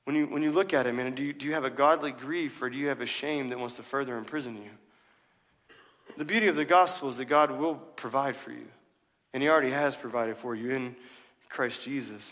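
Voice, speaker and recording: A man's voice: mid-range voice, a little fast, fairly bright tone. A male pastor preaching a sermon in a casual, emphatic way, full of slang, in a church. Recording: long reverb of a large hall.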